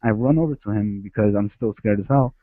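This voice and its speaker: A man from Ecuador calls in on a headset, speaking quickly in a fairly low voice over a dry, tinny, phone-like line. He tells a childhood story in this phone-in segment, rambling and restarting often.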